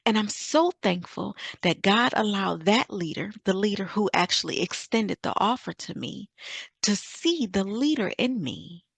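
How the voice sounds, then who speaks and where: A woman's voice: medium pitch, expressive, a little slow, gravelly, slightly rough, no echo. A middle-aged woman from Michigan telling an earnest, faith-filled story of her career as a summit speaker. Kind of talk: personal testimony talk.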